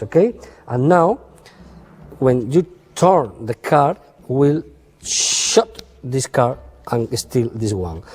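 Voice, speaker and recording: A man's voice: medium pitch, warm tone. Man teaching card magic. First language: Spanish. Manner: simple, broken English with frequent "okay?" and "eh?" checks; playful, storytelling patter. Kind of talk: instructional demonstration.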